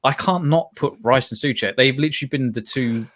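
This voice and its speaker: A man co-hosting a casual football chat, animated and laughing often, restarting his sentences. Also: medium pitch, a little fast. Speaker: football podcast co-host.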